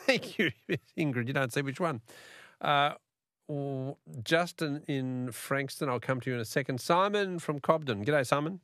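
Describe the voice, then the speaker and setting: A man's voice: on the high side, unhurried, fairly bright tone, no room sound, clean studio sound. An Australian man hosting a talkback radio quiz, chatty and laughing often.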